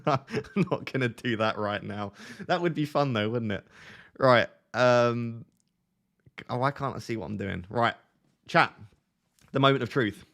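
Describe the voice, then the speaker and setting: A man's voice: mid-range voice, a little slow, gravelly, long pauses, a bit bright. A young man chatting casually on a live stream, joking and laughing at himself as he talks to his viewers. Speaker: fantasy football streamer.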